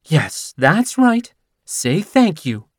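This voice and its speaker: A man voicing a frantic, gushing woman who owns a cat, with a high, drawn-out voice. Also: very animated, breathy edge, no room sound, clean studio sound, full character voice.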